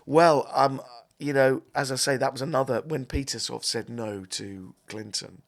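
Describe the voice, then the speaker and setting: A man's voice: mid-range voice, steady tone, normal speed, vocal fry. A middle-aged man, chatting casually as a podcast guest, rambling and self-deprecating. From South East London. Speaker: podcast guest, comedic actor. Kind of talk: casual chat.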